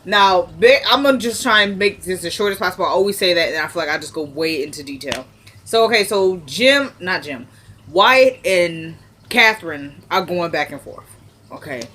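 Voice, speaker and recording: A woman's voice: on the low side, expressive, moderate pace, fairly bright tone, slight background noise. A woman chatting casually and off the cuff, recapping a TV episode for her viewers. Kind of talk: casual chat.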